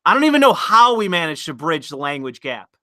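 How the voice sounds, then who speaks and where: A man with a high, bright, forceful voice rants on his livestream, rambling and swearing as he answers the chat. He tries to provoke his viewers on purpose. His desk mic is close, and the sound is dry. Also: big pitch swings, dry recording. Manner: rambling, profane, deliberately provocative. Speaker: livestream host reading chat. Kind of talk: casual livestream rant.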